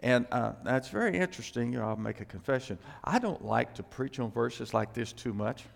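A man's voice: medium pitch, animated, a little fast, creaky, long reverb tail. A male pastor preaching a conversational sermon, with plenty of fillers and key words repeated for emphasis.

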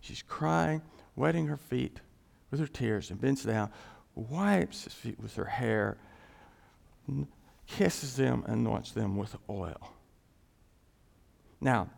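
Male preacher, slightly higher voice, heavy vocal fry, expressive delivery that repeats lines for emphasis. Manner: animated, repeats phrases for emphasis, swings loud and soft. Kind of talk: expository sermon.

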